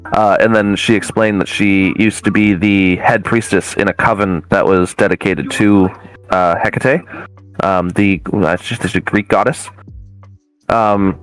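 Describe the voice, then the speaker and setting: A man's voice: fairly low pitch, moderate pace, soft background music, rough recording. Rambling man telling a story. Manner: rambling with many fillers and restarts. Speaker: guest, medium. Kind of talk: casual storytelling.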